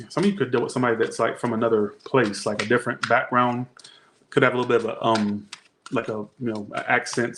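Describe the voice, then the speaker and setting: A man's voice: mid-range voice, noisy background. Chatty man giving a rambling tarot reading. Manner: rambling, chatty, slangy, self-interrupting. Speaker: tarot reader.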